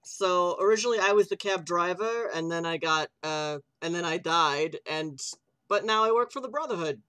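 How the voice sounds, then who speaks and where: A player chatting casually in a laid-back, halting way. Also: mid-range voice, pushed and bright, clean tone. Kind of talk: casual chat.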